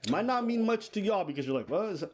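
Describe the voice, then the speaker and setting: A man's voice: high voice, sing-song, quick pace, a little mellow. A man co-hosting, explaining a news story step by step to his audience in casual commentary. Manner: explanatory, breaks things down for viewers.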